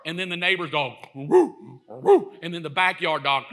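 A male pastor preaching a sermon in an animated, joking storyteller's way, acting out little quotes as he goes. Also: sits high, measured pace, gravelly.

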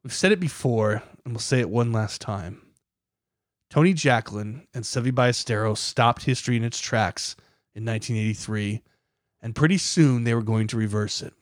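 A man's voice: mid-range voice, moderate pace, no echo, clean studio sound. A man hosting a podcast, reading scripted documentary narration with a dramatic, building emphasis. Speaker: podcast host.

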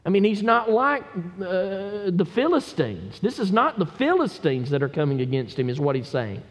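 A man preaching a sermon as a pastor. He reads scripture and swings from low murmurs up to emphatic cries. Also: big pitch swings, moderate pace. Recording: echoey hall, dull lo-fi sound.

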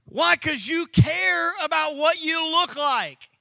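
A man preaching a sermon in church, swinging from loud emphatic lines to low, quiet ones. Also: slow pace, gravelly, dry recording. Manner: preaching with sweeping swings of pitch and volume, dropping to near-whispers. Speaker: pastor.

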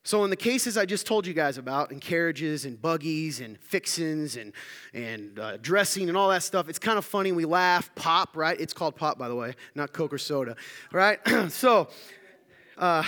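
With a fairly high pitch, an animated delivery, and a moderate pace, this Southern man sounds bright and forceful. He jokes around and quizzes listeners during an interactive sermon to his congregation, recorded with long hall reverb.

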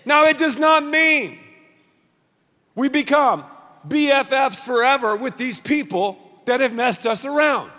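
A man preaching a sermon as pastor, punchy and animated, leading the crowd in call-and-response. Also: extremely high pitch, a little slow. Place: large church auditorium. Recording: long reverb of a large hall.

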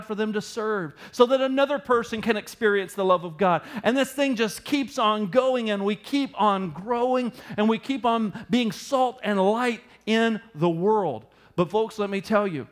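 High-voiced animated male preacher. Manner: animated storytelling, rising and loud in humorous asides. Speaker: pastor. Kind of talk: sermon. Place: church sanctuary.

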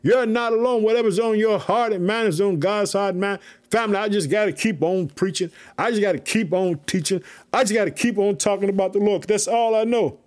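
A male preacher with a voice pitched high for a man delivers a fervent sermon. He speaks as if straight to his listeners, calling them family. He reads scripture at a slower, measured pace before picking up again. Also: a little mellow. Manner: fervent, repeats "family" and "let me tell you something"; reads scripture slowly, then preaches in bursts. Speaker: preacher and podcast host.

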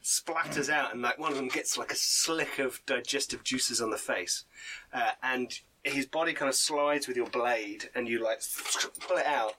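A man's voice: mid-range voice, normal speed, sharp tone. A man running a tabletop game as game master, narrating combat in vivid, gory detail with fillers and laughs.

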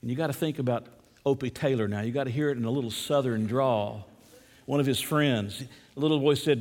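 A man's voice: medium pitch, fairly quick, a little mellow. Male preacher in a reverberant hall. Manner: prayerful, then storytelling and teaching. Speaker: pastor. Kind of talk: sermon.

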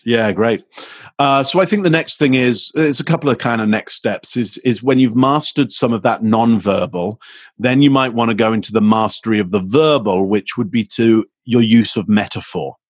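Husky, animated male expert guest. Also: moderate pace, dry recording. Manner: energetic, acts out quoted exchanges with rising pitch. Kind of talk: animated interview answer.

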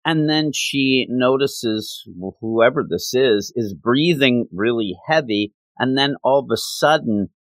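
A man recapping a comic book in an animated, conversational way, slipping into the characters' lines as he goes. His voice sits at a middling pitch. The recording is dry and close. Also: slow pace, few pauses, no echo. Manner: animated, acts out quoted lines. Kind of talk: casual storytelling recap.

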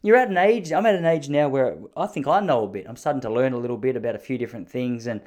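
An Australian man in his thirties talks quickly through a solo podcast, and his stories wander. He jokes as he goes and slips into voices for the people he quotes. His pitch sits in a plain middle range. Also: a little mellow. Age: 30s. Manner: rambling, jokey, acts out quoted voices. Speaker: podcast host.

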